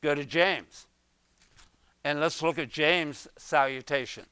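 Earnest man teaching scripture, smooth voice. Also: fairly high pitch, slow, pushed and bright, no echo. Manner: earnest, emphatic, asks the listeners questions. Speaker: Bible teacher. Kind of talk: sermon, verse-by-verse Bible teaching.

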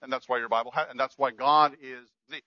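A man's voice: medium pitch, steady tone, fairly quick, no echo, highs cut off. A man preaching a sermon, emphatic and repeating his key phrases. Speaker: pastor.

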